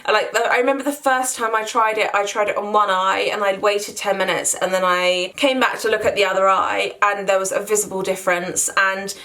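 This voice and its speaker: A woman's voice: mid-range voice, steady tone, a little fast, hardly any pauses, pushed and bright. Chatty woman gushing over skincare. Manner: enthusiastic, chatty, repeats "really". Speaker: beauty vlogger. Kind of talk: casual product review.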